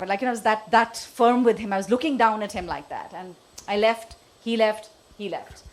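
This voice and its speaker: Expressive woman, mid-range voice, storytelling at a workshop with lots of fillers. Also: medium pitch, fairly quick. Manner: expressive, frequent "you know" fillers. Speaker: workshop participant. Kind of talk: animated personal storytelling. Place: workshop room.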